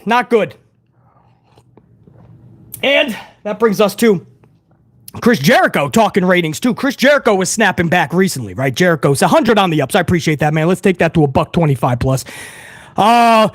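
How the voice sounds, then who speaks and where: A man hosting a wrestling news talk show, animated and profane, rambling through his points. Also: high voice, normal speed, long pauses, dry recording, studio quality. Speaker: host.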